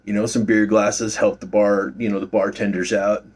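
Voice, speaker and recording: A man's voice: fairly low pitch, level tone, moderate pace, a little mellow, slightly rough. A middle-aged man recording himself at work, telling a rambling story about his bouncer days with fillers and swearing. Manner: rambling, swears freely, many fillers and restarts. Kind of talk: casual storytelling vlog. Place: at his workplace.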